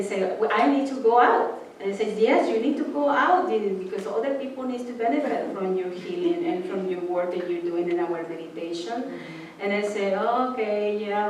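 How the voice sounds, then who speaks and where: A woman's voice: lowish voice, a little hiss or hum. A woman speaking influenced English gives an informal sermon, telling spiritual stories and acting out voices with laughs. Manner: animated storyteller, acts out voices with laughs. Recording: echoey room from far off.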